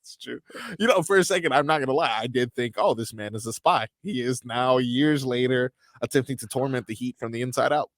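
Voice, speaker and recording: A man's voice: mid-range voice, fairly quick, no room sound. A man co-hosting sports talk radio, wry and self-deprecating, on a studio mic. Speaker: radio co-host and producer.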